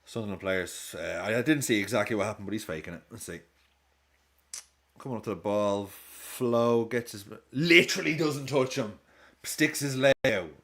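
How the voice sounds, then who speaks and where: A man's voice: lowish voice, moderate pace, a bit bright. A man in his thirties chatting casually during a live football watch-along, reacting to the match and swearing freely as he jumps between topics.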